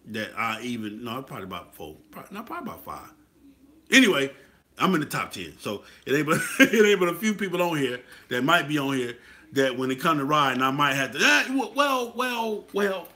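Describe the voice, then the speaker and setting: Bright-voiced man giving a pep talk. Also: mid-range voice, expressive, fast talker. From Atlanta, US. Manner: preachy, repetitive, asks "you feel what I'm saying?". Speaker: motorcycle club talk host. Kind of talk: casual motivational talk.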